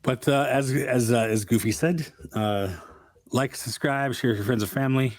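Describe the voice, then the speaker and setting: A man's voice: medium pitch, normal speed, no echo. Man host, easygoing and filler-heavy, dry close sound. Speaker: channel host. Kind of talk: casual chat.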